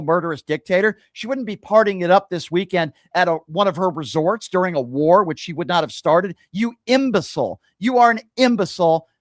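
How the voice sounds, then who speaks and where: Loud, combative male radio host. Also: sits high, no echo, studio quality. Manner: loud, insulting, berating callers. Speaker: radio call-in show host. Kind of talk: combative call-in talk radio.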